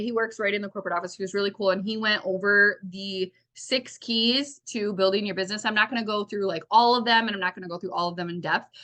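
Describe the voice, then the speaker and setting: In a chatty, casual recap for her team, a woman in charge uses plenty of fillers and acts out what others told her. She has a mid-range voice with a bright, forceful tone.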